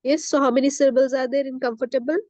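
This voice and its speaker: High-voiced teacher, dry close sound. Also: female voice, fairly even intonation, racing, a little mellow, no echo. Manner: patient, repetitive, often checks "okay?" and slips into Hindi. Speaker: English grammar teacher. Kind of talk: classroom lesson.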